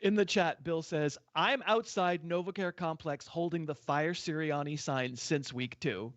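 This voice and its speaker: Brief: male sports podcast host, playful and prodding, slightly high voice, dull lo-fi audio. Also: fairly bright tone. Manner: teasing, prodding questions, quick laughs. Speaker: fantasy football podcast host. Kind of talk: casual sports podcast chat.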